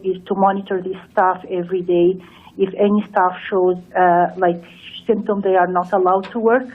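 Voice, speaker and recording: Health officer lady on a tinny phone line, flat voice, lots of um and like. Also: medium pitch. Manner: hesitant, many fillers and restarts. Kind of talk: press briefing answer over teleconference.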